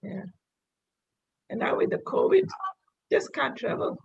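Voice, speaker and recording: A woman from Singapore, earnest and soft as she chats on a video call. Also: on the high side, very animated, measured pace, vocal fry, slightly rough. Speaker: course participant and carer for her mother. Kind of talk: casual video-call chat. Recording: muffled video-call audio.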